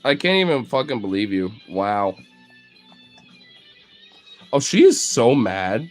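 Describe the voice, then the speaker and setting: A man talks over video of his dogs with a bouncy, wide-ranging voice that leaps between low mutters and high squeals. He coos at them in affectionate baby talk and swears casually. Faint music plays underneath. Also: slow. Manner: excitable, cooing baby talk to pets, bursts of laughter, casual swearing. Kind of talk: casual commentary over pet footage.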